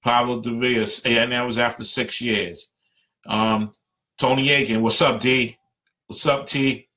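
A man's voice: mid-range voice, little pitch movement, unhurried, pushed and bright. A man giving a passionate, emphatic live-stream talk to union members as their representative.

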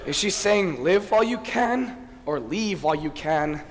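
A man's voice: high-pitched, expressive, unhurried. An actor playing a wistful man who narrates a favourite record with chatty, self-deprecating asides, captured on a stage. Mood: rueful. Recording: reverberant stage sound.

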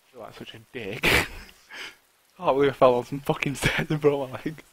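A man's voice: medium pitch, normal speed, fairly bright tone, slightly rough, dry recording, poor audio. A man talking to himself while live-streaming a survival game, swearing often and griping at the game. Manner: swears a lot, talks to himself and the game, frustrated outbursts. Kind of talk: live gameplay commentary.

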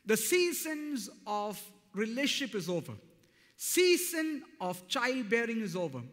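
A man's voice: extremely high pitch, big pitch swings, unhurried, a bit bright. A man preaching a sermon as pastor, speaking emphatically and building to fervent declarations. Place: church hall. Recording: long hall reverb.

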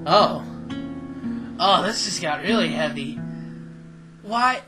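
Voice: mid-range voice, lively intonation, slow pace, long pauses, poor audio. A gamer giving sarcastic, swearing commentary while playing a game. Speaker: let's-play gamer. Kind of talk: live gameplay commentary. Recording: loud game music behind.

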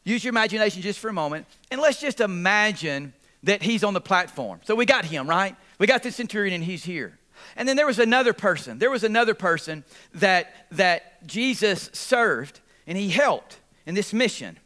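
A pastor delivers an animated sermon, repeating phrases and calling on the congregation to respond. His voice sits high and his pace is moderate.

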